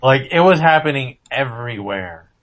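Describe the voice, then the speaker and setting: A man at an ordinary pitch chatting as a podcast guest. He talks excitedly and uses crude slang. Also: moderate pace. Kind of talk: casual chat.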